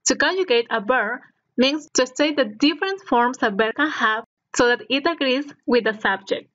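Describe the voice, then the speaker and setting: Woman teaching slowly and clearly, lo-fi sound. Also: high voice, fairly bright tone. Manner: slow, clear enunciation for learners to repeat. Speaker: Spanish teacher. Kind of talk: scripted language lesson narration. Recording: dull lo-fi recording.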